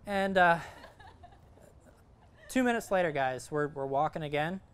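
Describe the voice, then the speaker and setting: A man's voice: fairly high pitch, unhurried, fairly bright tone, clean tone. A man giving a casual, rambling talk to a group on sight fishing from a kayak, full of fillers and restarts.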